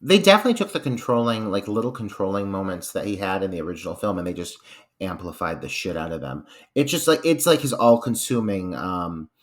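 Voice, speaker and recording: A man co-hosting a podcast, casually analysing a movie, thinking aloud with many pauses and restarts. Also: sits low, lively intonation. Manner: thoughtful, hesitant, with fillers and restarts. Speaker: podcast co-host. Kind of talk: casual film review chat.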